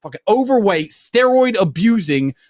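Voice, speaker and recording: A man fires off boastful insults at a quick clip, his voice high-set and swinging up and down in pitch. The sound is dry and close, with no room around it. He stays combative and scornful throughout. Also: big pitch swings, a little mellow, no room sound. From Luton, England. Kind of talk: combative talk show rant.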